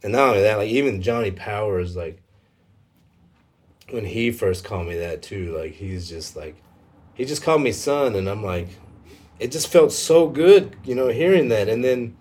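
A man telling a personal faith story in a casual conversation, emotional and halting, with many fillers. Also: on the low side, animated, a little mellow, slightly rough.

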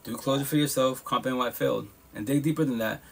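A man's voice: medium pitch, quick pace, vocal fry, slightly rough. A man hosting a live podcast, giving casual, heartfelt advice in a blunt, profane, repetitive and emphatic way.

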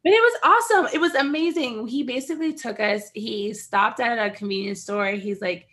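A woman's voice: on the high side, moderate pace. A young American woman on a casual podcast, telling a travel story with lots of laughter and acted-out quotes. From United States. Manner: animated storyteller, laughs often, acts out quotes. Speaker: podcast co-host. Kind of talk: casual chat.

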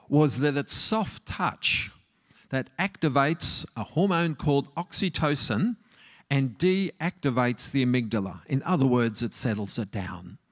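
A middle-aged man, a marriage counsellor, giving a relaxed talk and asking his audience questions. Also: medium pitch. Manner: conversational, asks the audience questions.

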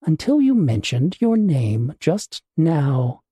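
Cold scheming black-market doctor read by a man, calm and calculating, mellow tone, dry sound. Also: fairly high pitch, slow, breathy edge, no room sound, exaggerated voice. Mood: calm menace. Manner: calm, calculating, matter-of-fact.

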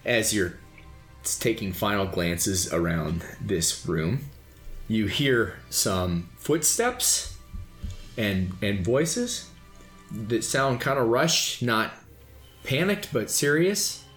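A man's voice: fairly low pitch, animated, drawn-out words, fairly bright tone, echoey room, soft background music. A man running a tabletop game as game master, narrating scenes in a descriptive, loose way.

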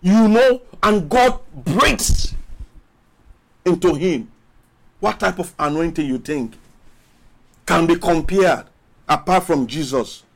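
Slow, high-voiced preaching man. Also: animated, creaky. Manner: emphatic preaching with long pauses and rising calls; repeats phrases, drawn-out words. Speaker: pastor. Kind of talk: sermon.

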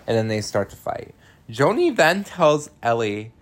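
A man's voice: mid-range voice, big pitch swings, a little slow. A man casually recapping a film, chatty and laughing, swearing freely with many "um"s.

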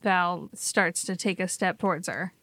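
A woman player in a tabletop game, describing her character's actions in plain, quick calls. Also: lowish voice, bright, forceful tone, dry recording, studio quality.

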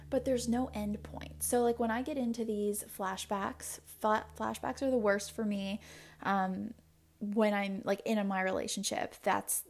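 A young woman hosts a solo podcast and talks candidly about her own life. Her voice carries a gravelly, fry-touched edge. She rambles openly and confessionally, leaning on filler words as she goes. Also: mid-range voice. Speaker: podcast host.

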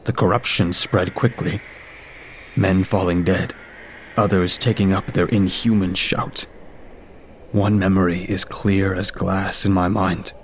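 Male horror story narrator: low voice, flat, measured delivery. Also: slight background noise.

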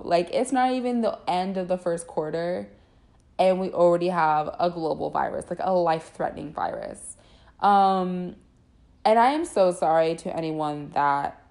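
A woman's voice: on the low side, a little mellow. Chatty young woman hosting a podcast. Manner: chatty slangy, lots of fillers and "like". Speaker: podcast host. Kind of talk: casual podcast monologue.

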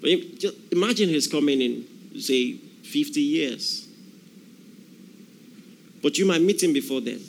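A man's voice: on the high side, animated, measured pace, vocal fry, pauses often, a little hiss or hum. A man preaching a sermon, emphatic, repeating key phrases and acting out the voices of people in the story.

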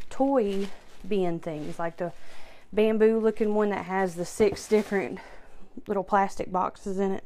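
A woman's voice: medium pitch, warm tone, no room sound. A young woman, out of breath, chatting casually on her podcast while tidying, laughing often and poking fun at herself. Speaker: podcast host.

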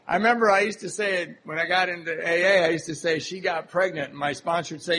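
A man from the US Pacific Northwest telling his recovery story to a meeting, candid and self-deprecating, often halting with fillers. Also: high voice, steady tone, fairly bright tone, slight background noise, rough recording. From Seattle, Washington, USA. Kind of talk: personal recovery story told to a live audience.

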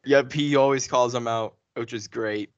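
A man co-hosting a podcast, chatting casually and excitedly through a spoiler review, full of fillers and restarts. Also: medium pitch, moderate pace, no echo. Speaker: podcast co-host. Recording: dull lo-fi sound.

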